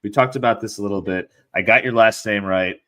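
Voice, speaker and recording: A man with a very low voice hosts a podcast. He talks in a relaxed, friendly way, with easygoing restarts as he winds the interview down. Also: a little fast. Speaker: podcast host. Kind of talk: casual interview.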